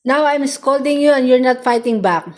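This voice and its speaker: A woman's voice: sits high, moderate pace, darkish tone. A young woman with a Filipino accent playfully scolding her pet, teasing and mock-stern with sing-song questions. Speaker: vlogger.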